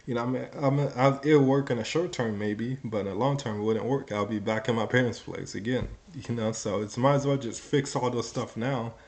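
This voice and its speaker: A man's voice: mid-range voice, fairly quick, few pauses, darkish tone. A young man in his twenties telling his own story in a rambling, casual way, full of "like" and "you know" and some swearing.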